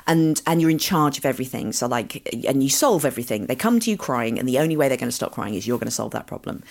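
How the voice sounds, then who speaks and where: Woman, low voice, lively podcast guest who acts out dialogue. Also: fast talker, creaky. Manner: animated storyteller who acts out quotes. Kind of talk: podcast conversation.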